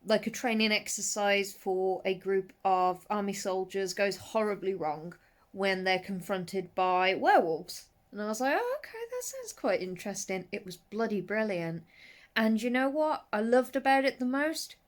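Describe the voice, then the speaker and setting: A woman's voice: medium pitch, measured pace. A woman from the English West Midlands with a faded Brummie accent, chatting casually and rambling in a home vlog about horror movies. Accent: faded Brummie / Black Country. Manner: chatty, rambling, lively with frequent asides. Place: at home, settled under a blanket.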